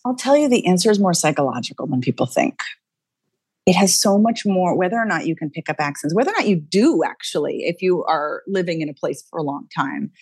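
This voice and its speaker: A woman, a dialect coach talking energetically as a guest, thinking out loud with quick restarts. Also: lowish voice, breathy edge, no room sound, clean studio sound. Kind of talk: casual interview chat.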